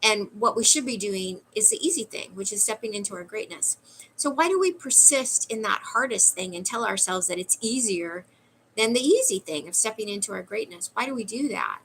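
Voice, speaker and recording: A woman's voice: medium pitch, lively intonation, a little fast, fairly bright tone, a little hiss or hum, poor audio. A middle-aged woman giving a channeled spiritual talk in a musing way, with frequent "like" fillers. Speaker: spiritual reader.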